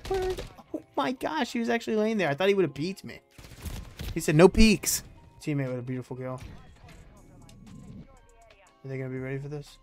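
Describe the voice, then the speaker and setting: A man with a fairly high voice narrates his shooter match as it happens, excitable and quick to swear. He trash-talks opponents and teammates alike. Faint music and game gunfire sit underneath. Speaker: gaming YouTuber. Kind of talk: live gameplay commentary.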